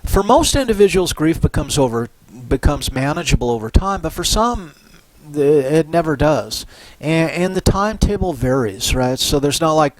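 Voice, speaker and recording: A middle-aged man giving a university psychology lecture in a relaxed, conversational way, often tagging on "right?" and "you know". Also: a little high, moderate pace, rough recording. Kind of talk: recorded lecture.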